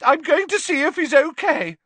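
A man voicing a tearful teenage schoolgirl with a shrill, loud voice, in a dry audiobook reading. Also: animated, moderate pace, no room sound, full character voice.

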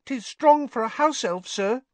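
A man voicing a squeaky, tearful, devoted male house elf in a storybook reading. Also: lively intonation, a little slow, a little mellow, no room sound. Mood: eager.

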